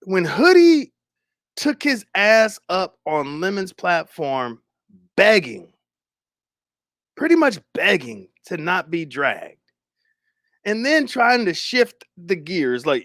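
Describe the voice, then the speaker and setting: A young man talks to his stream chat in a loose, swearing way. His voice sits high and jumps all over the place. The sound is dry and close. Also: slow, pauses often, dry recording. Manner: animated, swearing, laughing, talking to chat. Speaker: livestream host.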